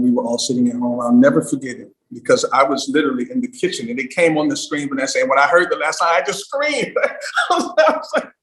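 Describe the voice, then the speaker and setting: Excited guy coaching on storytelling, voice jumps all over, bit of room echo. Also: mid-range voice. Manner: animated, emphatic, swings from loud to hushed. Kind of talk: livestream talk.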